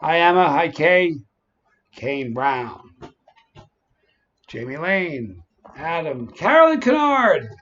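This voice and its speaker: Man, a touch high-voiced, chatty stream host, dull lo-fi audio. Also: extremely slow, long pauses, fairly bright tone. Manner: chatty, greets viewers by name. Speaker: livestream host. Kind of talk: casual livestream chat.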